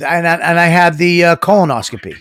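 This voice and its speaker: Fairly high-pitched, fairly quick, smooth and a bit bright, this middle-aged podcast co-host delivers crude comedic banter. He rants profanely and laughs often, heard without echo.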